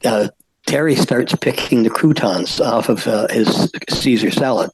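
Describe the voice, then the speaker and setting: An older man, a podcast guest, telling stories in a halting way with many fillers and restarts. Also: medium pitch, slight background noise, rough recording. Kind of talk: anecdotal storytelling.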